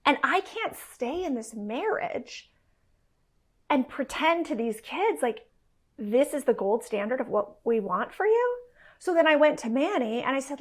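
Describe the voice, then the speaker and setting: A middle-aged woman with a fairly high voice tells a candid personal story as a podcast guest. She talks in an animated way, full of fillers, and acts out quoted dialogue. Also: a little slow.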